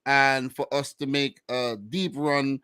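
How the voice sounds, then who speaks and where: A man's voice: medium pitch, level tone, takes it slowly, bright, forceful tone, clear, resonant tone, no echo. A man from Saint Vincent with a Vincentian accent, co-hosting a casual football chat in a laid-back, slangy way. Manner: laid-back, slangy, slips into island dialect. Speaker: co-host.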